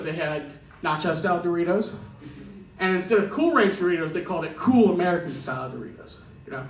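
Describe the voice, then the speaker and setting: A man's voice: a little high, echoey room, far from the mic, slight background noise, poor audio. A man doing a stand-up set in a club, chatty and chuckling through his punchlines. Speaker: stand-up comedian. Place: comedy club stage.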